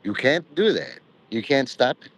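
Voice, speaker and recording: A man's voice: mid-range voice, big pitch swings, normal speed, fairly bright tone, low-quality recording. A man talking in a meandering, profane monologue, full of "you know" and jumping between mock-preachy asides. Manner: mock preachy, drifts into quoted voices. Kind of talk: rambling monologue.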